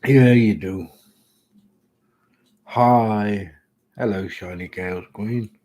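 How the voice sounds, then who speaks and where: A man's voice: fairly low pitch, slow, darkish tone. A British man hosting a live tarot-reading stream, chatting casually with dry, self-mocking humour. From Britain. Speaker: tarot reader host.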